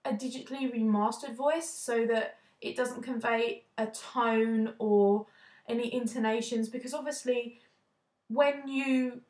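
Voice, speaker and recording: A young woman from the UK giving a casual, indignant opinion vlog, talking quickly and often restarting her sentences. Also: on the high side, steady tone, a little mellow. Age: young adult. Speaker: vlogger. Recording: echoey room.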